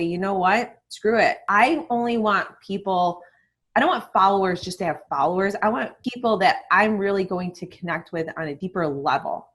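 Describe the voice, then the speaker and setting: A guest on a podcast, an online marketing mentor, speaks in a somewhat low voice in candid, lively interview talk. She swears freely and slips into quick acted-out bits of past conversations before carrying on.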